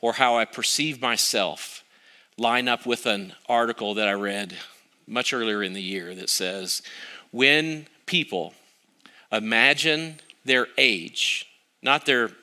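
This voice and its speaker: A man's voice: medium pitch, slow, bright, forceful tone. A middle-aged male pastor preaching a sermon, telling a story on himself with wry, self-mocking humor.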